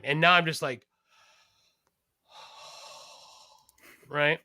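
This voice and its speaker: Animated guy ranting on a podcast, bright voice, dry close sound. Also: sits high, takes it slowly, pauses often, no room sound. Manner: animated, profane storytelling. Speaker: podcast host, garbage collector. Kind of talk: casual podcast chat.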